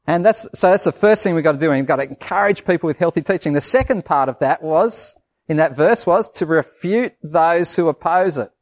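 A male pastor giving a lively children's sermon, asking the kids questions and acting out voices. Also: fairly high pitch.

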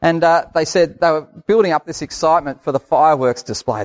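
A man's voice: on the high side, brisk, a little mellow. An Australian man preaching a sermon in a conversational, folksy way, repeating phrases for emphasis.

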